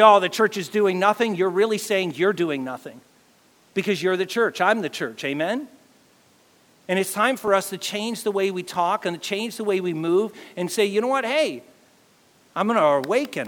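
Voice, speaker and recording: A man preaching a sermon as pastor, animated and acting out quotes to his congregation. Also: high-pitched, moderate pace, in a large hall.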